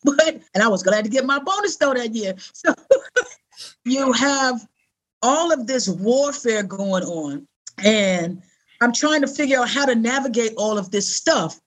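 A middle-aged woman with a slightly high voice tells a personal story as an interview guest. She speaks earnestly and conversationally. She slips into the voices of the people she quotes. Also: unhurried. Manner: animated, acts out quoted voices.

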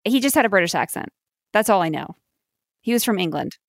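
An American woman co-hosting a podcast, chatting casually, quick to laugh and joke at herself. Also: medium pitch, sing-song, vocal fry, dry recording, studio quality. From United States. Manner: chatty, self-deprecating, laughs often. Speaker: podcast co-host. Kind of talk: casual chat.

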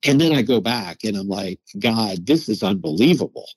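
A middle-aged man, a psychologist and veteran, telling a personal story as an interview guest, animated and often repeating his words. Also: on the low side, normal speed, slightly rough, poor audio. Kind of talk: conversational storytelling.

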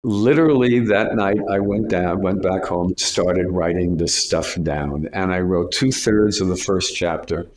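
Older man, very low voice, telling stories. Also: unhurried, few pauses, a little hiss or hum. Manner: anecdotal, acts out quoted voices. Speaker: retired casting director, guest. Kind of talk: storytelling interview.

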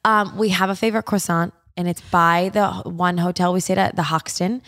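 Speaking briskly in a fairly low voice, a podcast host in her thirties chats casually. Her storytelling is lively, filler-heavy and full of swearing.

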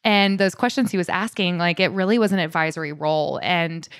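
A woman's voice: on the low side, fairly quick, clean tone, dry recording, studio quality. A woman co-hosting a podcast, telling stories in an upbeat, casual way and acting out quoted dialogue. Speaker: podcast co-host. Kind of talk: casual chat.

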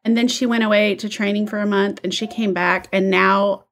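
A woman's voice: medium pitch, steady tone, normal speed, a bit bright. Woman cohost on a podcast, easygoing chat, says like a lot. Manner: conversational, uses fillers like "like" and "I don't know". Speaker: podcast co-host. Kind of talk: casual chat, reading listener letters.

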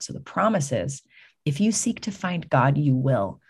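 A woman talks as a podcast guest, her voice low and breathy-husky. She tells stories with energy and slips into the voices of the people in them before turning to a message of faith. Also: measured pace. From California. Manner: animated storyteller, acts out quoted voices.

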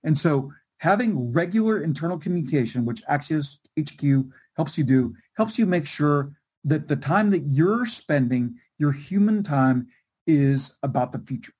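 A man's voice: a little high, animated, moderate pace, a little mellow, slightly rough. A middle-aged man being interviewed who explains his points with energy and emphasis. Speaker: guest, newsletter writer and co-author. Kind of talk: interview, explaining to a webcast audience.

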